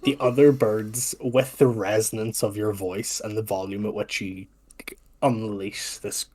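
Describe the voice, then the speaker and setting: A man's voice: fairly low pitch, level tone, unhurried, a little mellow, slight background noise. A man running a tabletop game as game master, describing scenes in a meandering way full of "like". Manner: meandering, hedging with "like".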